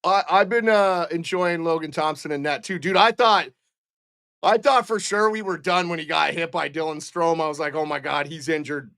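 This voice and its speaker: A middle-aged man from Montana doing excitable live play-by-play for a fan stream at home, chatting with viewers between calls. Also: fairly high pitch, moderate pace, creaky, smooth.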